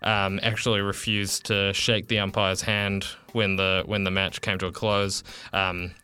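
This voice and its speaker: A man runs through a sports update on the radio, his low voice bright and clean. He talks hesitantly, full of fillers and self-corrections, speaking from a studio. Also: little pitch movement, unhurried, clear, resonant tone. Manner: hesitant, many fillers and restarts. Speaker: sports reporter.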